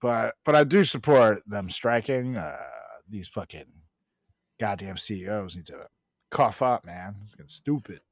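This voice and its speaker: A man's voice: on the low side, lively intonation, measured pace, no echo, studio quality. A man co-hosting a podcast, chatting casually, rambling, laughing often and swearing freely. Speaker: podcast co-host. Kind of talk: casual chat.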